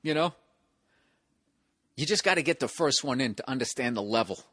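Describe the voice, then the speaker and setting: A man's voice: medium pitch, expressive, moderate pace, fairly bright tone, no room sound, clean studio sound. A man telling a rambling, profane story as a comedy podcast host, acting out bits as he goes. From United States. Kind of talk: casual comedic monologue.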